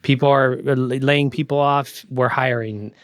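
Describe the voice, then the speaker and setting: Middle-aged male podcast host, animated storyteller, mid pitch, dry studio sound. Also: normal speed, smooth, dry recording. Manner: storytelling, animated impressions of others. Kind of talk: casual conversation.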